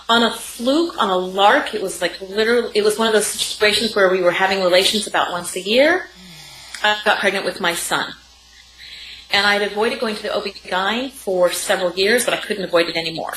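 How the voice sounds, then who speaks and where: This guest is a forty-something sex and intimacy coach recounting a personal story in an interview, heaping up vivid phrases. Her mid-range voice has a fairly bright tone, captured in a roomy space with faint background noise.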